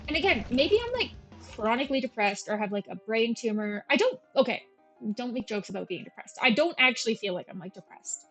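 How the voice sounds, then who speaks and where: A woman in her thirties talks through a game with a Valley Girl voice, pitched a little high. She rambles in a chatty, self-deprecating way. Game music plays faintly under her. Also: sing-song, a little fast, a bit bright, low-quality recording. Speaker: gameplay streamer. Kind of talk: casual gameplay commentary.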